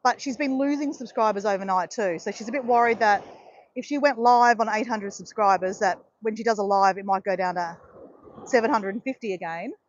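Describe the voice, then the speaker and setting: A woman's voice: mid-range voice, fairly quick, no room sound, lo-fi sound. An Australian woman hosting a casual livestream, chatting with viewers in a rambling, encouraging way full of fillers. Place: outdoors in southeast Queensland.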